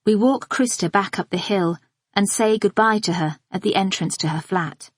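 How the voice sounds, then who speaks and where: A woman narrating a first-person psychological thriller audiobook in a steady, measured reading. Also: medium pitch, husky, no echo.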